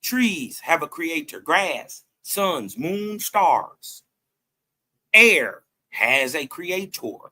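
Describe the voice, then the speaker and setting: Reacting to a debate clip, this host speaks very slowly in a high, sing-song voice with a sharp edge. His commentary is emphatic and preachy, and he keeps asking "right?"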